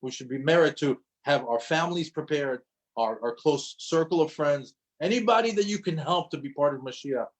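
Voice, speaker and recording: A man teaching a religious class, speaking in an emphatic, lively way and often repeating his phrases for emphasis. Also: fairly high pitch, normal speed, low-quality recording. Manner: storytelling with acted quotes. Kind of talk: lecture to an audience.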